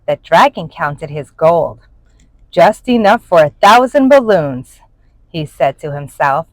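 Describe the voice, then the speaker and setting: A woman reading a children's storybook aloud in an expressive, animated way. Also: medium pitch, no echo, low-quality recording. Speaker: storybook reader.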